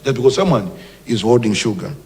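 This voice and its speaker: A man's voice: medium pitch, expressive, brisk, darkish tone. A man with a Malawian accent, a government minister giving an emphatic, combative press briefing. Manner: emphatic and combative, with mocking mimicry. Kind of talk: press briefing, mixing English and Chichewa.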